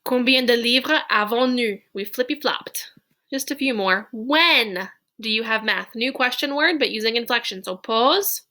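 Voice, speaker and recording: A woman with a fairly high, bright and sharp voice leads a recorded French lesson. She slows down to dictate French phrases, then explains them in playful, chatty English. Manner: chatty, playful teacher talk. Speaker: French teacher.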